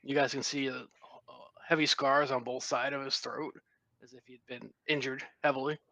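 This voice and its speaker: Player, male, mid pitch, narrating his character, dry close sound. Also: flat delivery, moderate pace, sharp tone, no room sound, poor audio. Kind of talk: describing his character's actions.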